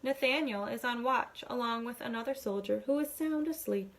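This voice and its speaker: A woman teacher reading a novel aloud to her class, expressive, giving the characters their own voices. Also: on the high side, moderate pace. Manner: expressive storytelling, voicing the dialogue.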